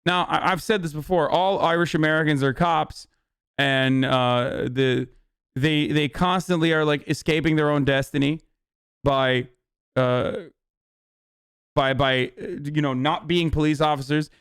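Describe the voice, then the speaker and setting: A man's voice: a little high, fairly even intonation, measured pace, fairly bright tone, smooth, no echo, clean studio sound. A man streaming live, reacting to a video with rambling, profane, joking commentary. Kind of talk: casual livestream commentary.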